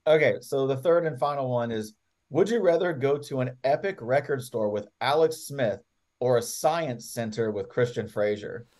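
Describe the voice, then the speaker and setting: A man's voice: medium pitch, normal speed. A man co-hosting a podcast, chatting playfully and telling goofy stories. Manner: animated, playful storyteller. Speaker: podcast co-host. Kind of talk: casual chat.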